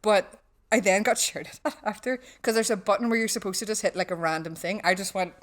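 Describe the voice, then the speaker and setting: A woman with a Northern Irish accent, telling swearing, lively stories in a casual podcast chat. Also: medium pitch, brisk. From West Belfast, Northern Ireland. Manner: swearing storyteller, acts out quotes. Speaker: guest.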